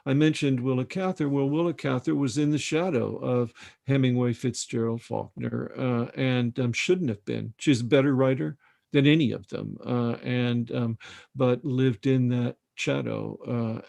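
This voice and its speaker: A man in his sixties, an author, talking reflectively about writers in a halting, thoughtful way, pausing often to search for words, over a video call. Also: mid-range voice, fairly even intonation, gravelly, a little mellow. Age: 60s. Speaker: author discussing his novel. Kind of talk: reflective book conversation.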